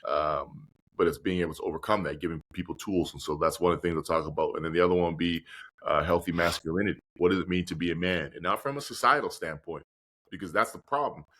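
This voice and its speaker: Man, low voice, earnest, reflective, podcast guest. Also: fast, a bit bright. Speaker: podcast guest, motivational speaker. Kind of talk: conversational interview.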